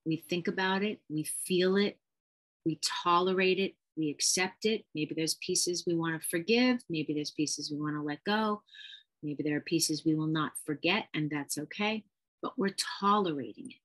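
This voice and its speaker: A woman's voice: low voice, moderate pace. A middle-aged woman therapist giving an earnest, emphatic teaching talk, repeating key phrases. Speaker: therapist and channel host.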